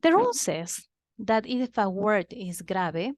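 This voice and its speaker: A woman's voice: mid-range voice, very animated, slow, darkish tone, no echo, clean studio sound. A woman teaching Spanish to children in a patient, explanatory way, repeating key terms and moving between Spanish and English. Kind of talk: slow explanatory lesson for kids.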